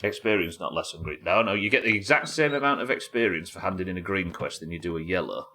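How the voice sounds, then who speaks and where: Low-voiced man chatting on a live game stream. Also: bright, forceful tone. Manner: casual, chatty, swears, answers viewers. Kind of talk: live gaming stream chat.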